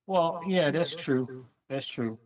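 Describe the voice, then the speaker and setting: Man, higher voice, animated storyteller, set back from the mic. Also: takes it slowly, far from the mic, poor audio. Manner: animated storyteller, acts out quotes. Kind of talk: casual storytelling chat.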